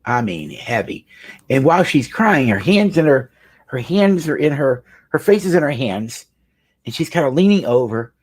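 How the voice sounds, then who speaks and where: A man's voice: mid-range voice, sing-song, moderate pace, a little mellow, breathy edge. A middle-aged male marriage counselor telling a client story in an earnest, emphatic way, often repeating phrases for weight. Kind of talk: storytelling talk.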